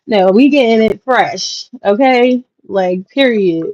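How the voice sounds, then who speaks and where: A woman's voice: fairly high pitch, slow pace, few pauses, a little mellow, no room sound. A young woman hosting a casual livestream from home, chatting with viewers, reading their comments and laughing often. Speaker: livestream host. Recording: dull lo-fi livestream audio, dry.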